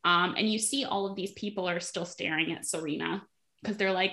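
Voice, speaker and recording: Casting note: bright, talkative woman, podcast host, casual recap, quotes characters in passing. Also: fairly low pitch, steady tone, a little fast. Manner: chatty, frequent fillers, acts out quotes. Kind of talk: casual chat.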